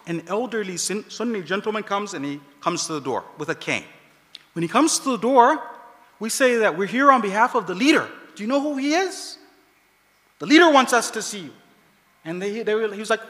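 A man preaching a sermon, telling a story animatedly and acting out the voices of the people in it. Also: high-pitched. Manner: animated, acts out quoted voices. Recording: long hall reverb.

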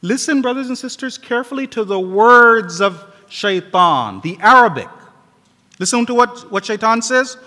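A man preaching a sermon to a congregation, animated and quoting Arabic scripture. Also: extremely high pitch, normal speed, in a large hall. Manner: animated, acts out quoted dialogue.

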